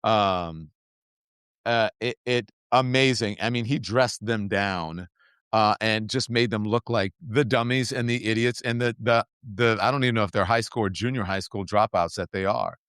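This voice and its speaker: A man's voice: lowish voice, normal speed, a bit bright, clear, resonant tone, dry recording, studio quality. A middle-aged man hosting a political talk show, speaking emphatically and repeating his points for stress. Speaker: host.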